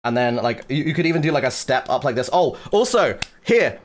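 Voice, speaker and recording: A streamer teaching music production explains chords during a casual livestream, joking crudely and loading his speech with swearing and fillers. His medium-pitched voice swings widely in pitch and moves a little fast, with a bit of hiss or hum.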